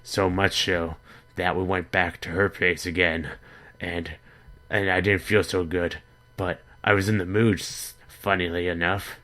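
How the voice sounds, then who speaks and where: A man telling an absurd story in a deadpan, rambling comic monologue, with stammering restarts. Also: sits low, a little slow. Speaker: comedy vlogger in character.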